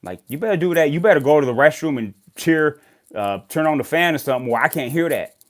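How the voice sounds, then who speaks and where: A man hosting a sports show, talking casually and animatedly about football games and ranting loudly when worked up. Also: on the high side, fast talker. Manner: animated, rants and gets loud when worked up. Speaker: sports podcast host.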